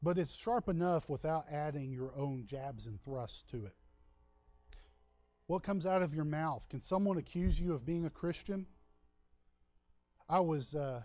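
A man's voice: mid-range voice, warm tone, dry recording, lo-fi sound. A man from Texas with a Texan drawl, preaching a sermon in a folksy, conversational way with asides to the congregation. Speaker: pastor.

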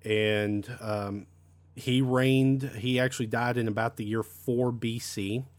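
A man's voice: medium pitch, fairly even intonation, slow pace. A man teaching an unscripted Bible lesson, talking with frequent fillers and repeated words.

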